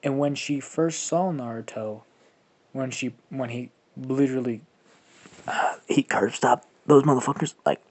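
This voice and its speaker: A man's voice: mid-range voice, unhurried, darkish tone. A young man telling a fan-fiction story in a casual, rambling way, swearing often and laughing at his own jokes. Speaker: fan-fiction narrator and channel host.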